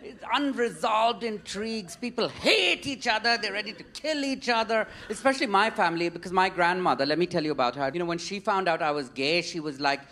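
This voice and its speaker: A man's voice: on the high side, sharp tone. A man doing a stand-up comedy set on a club stage, with a wry, conversational, self-deprecating delivery.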